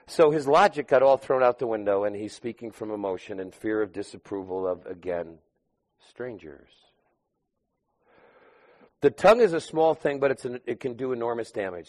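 A man preaching a sermon, talking to his listeners as if in casual conversation. His voice sits at a middle pitch. It swings between loud emphatic bursts and quiet, low asides. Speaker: pastor.

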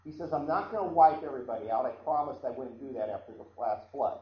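Conversational pastor preaching in an echoey room. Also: male voice, medium pitch, animated, fast. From Iowa, US. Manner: conversational, repeats and restarts phrases. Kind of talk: sermon. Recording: echoey room, dull sound, faint background noise.

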